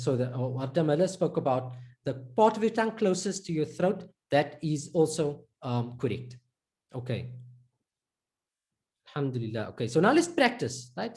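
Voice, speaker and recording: A woman's voice: fairly low pitch, darkish tone. A woman teaching an Arabic pronunciation lesson, patiently explaining and repeating each sound many times as she demonstrates it.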